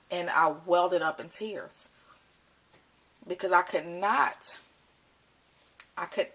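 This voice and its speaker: A young mother talking to the camera at home, emotional and choked up, halting and repeating herself. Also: on the low side, fairly bright tone, husky. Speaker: mother vlogger. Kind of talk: personal vlog talk. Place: at home indoors. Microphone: camcorder built-in mic.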